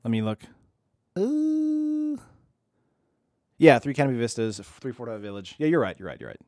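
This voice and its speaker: A man's voice: medium pitch, sing-song, normal speed, a little mellow, dry recording, clean studio sound. A young man casually commenting while he streams an online card game, chatty and self-deprecating, reading viewers' chat aloud.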